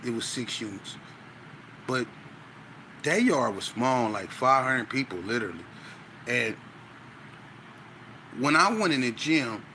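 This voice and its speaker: A man's voice: mid-range voice, a little hiss or hum. A man in casual conversation, animatedly telling a story with speech. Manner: animated, with frequent "you know what I'm saying". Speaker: podcast guest.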